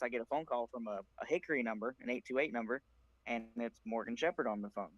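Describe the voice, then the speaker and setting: A man's voice: medium pitch, fairly quick, dry recording, poor audio. A man from South Carolina, a racing crew chief, telling stories as a podcast guest with a plainspoken, dry humor. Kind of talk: casual podcast chat.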